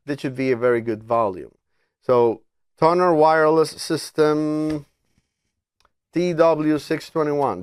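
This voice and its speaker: Male tech reviewer, mid-range voice, slow and deliberate, second-language English, demo style with frequent restarts. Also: medium pitch. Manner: thinks aloud with frequent restarts and fillers. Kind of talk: hands-on product demo.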